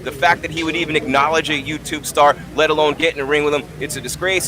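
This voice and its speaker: A man hosting a combat sports talk show, talking in an animated, opinionated way and telling anecdotes. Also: a little high, a little fast, few pauses, crowd noise. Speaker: host. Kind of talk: casual combat sports commentary.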